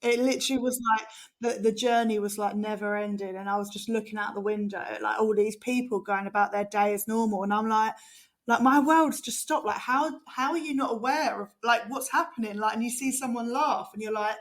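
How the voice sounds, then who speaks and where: A woman's voice: a little high, fairly even intonation, a little fast. A woman co-hosting a podcast, talking earnestly and emphatically in casual chat. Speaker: podcast co-host.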